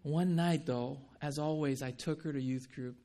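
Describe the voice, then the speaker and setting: A man's voice: fairly high pitch, fairly even intonation, moderate pace, mellow. A man preaching a sermon, telling a personal testimony in an earnest, conversational way, with frequent restarts and light laughs. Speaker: pastor.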